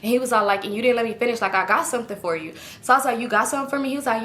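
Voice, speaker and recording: A woman's voice: on the high side, rapid-fire, few pauses. A young adult woman telling a personal story to her viewers in a casual storytime, acting out both sides of the conversation and talking straight to the audience. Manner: animated, acts out both sides of a dialogue, addresses viewers directly.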